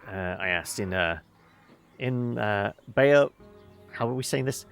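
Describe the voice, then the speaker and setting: Gravelly low-voiced man reading aloud. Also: expressive, faint music behind. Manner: halting reading with many fillers and self-corrections. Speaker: streamer reading a visual novel aloud. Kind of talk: reading game text aloud with asides.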